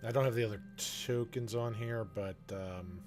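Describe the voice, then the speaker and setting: Game master: man narrating a tabletop game in a halting, filler-heavy way with easy laughs. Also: on the low side, fairly even intonation, music in the background.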